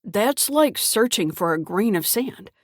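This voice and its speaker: A weary male FBI agent makes low, wry remarks, voiced by a woman reading an audiobook. The recording is close and dry. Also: expressive, measured pace, no room sound.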